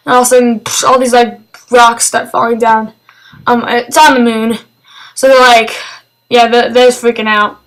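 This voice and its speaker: A woman's voice: on the high side, little pitch movement, moderate pace, a bit bright, rough recording. A woman giving a casual spoken film review, enthusiastic and rambling, with lots of fillers and restarts.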